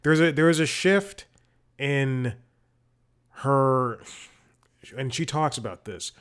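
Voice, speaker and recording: A man's voice: mid-range voice, slow, a bit bright, clear, resonant tone. A man hosting a podcast, giving a casual, rambling intro with self-corrections and chuckling asides. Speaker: podcast host.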